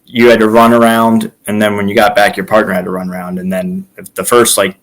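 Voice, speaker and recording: A man's voice: on the low side, a little fast, rough recording. A young man, a former college wrestler, casually telling stories as a guest and acting out the quotes. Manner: animated, acts out quotes in stories. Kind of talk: casual storytelling.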